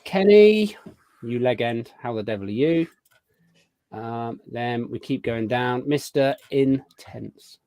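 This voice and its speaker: A man with a voice, hosting a relaxed live stream and greeting viewers one after another by name. He keeps a middle pitch. His voice comes through close and dry, with no room sound. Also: slow pace, no echo. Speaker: podcast host. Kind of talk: casual live-stream chat.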